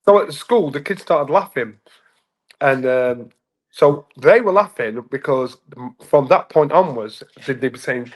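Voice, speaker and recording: A man in his fifties, a former boxing champion from England, telling stories casually as an interview guest and acting out the voices in them. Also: a little slow. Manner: animated, acts out voices in anecdotes with rising pitch. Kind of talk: casual storytelling in a sit-down interview.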